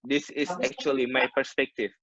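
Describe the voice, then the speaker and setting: A man's voice: mid-range voice, flat delivery, normal speed, fairly bright tone, dry recording. Indonesian man teaching maritime English online. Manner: explains terms by switching between English and Indonesian glosses, many restarts. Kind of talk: online class lecture. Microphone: video call. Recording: muffled online call audio.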